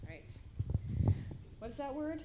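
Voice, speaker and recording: A woman's voice: sits high, big pitch swings, a little slow, very noisy. Giggly woman reading cards to a crowd. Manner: giggly, flustered. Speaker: contestant asking questions. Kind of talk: reading cards at a live comedy show. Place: ballroom stage before a live audience. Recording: live hall recording with loud crowd.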